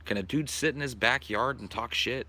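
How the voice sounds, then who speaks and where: A man's voice: medium pitch, normal speed, sharp tone. A man chatting casually and profanely on a livestream, rambling about his day while sitting outdoors in his backyard at night. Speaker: streamer.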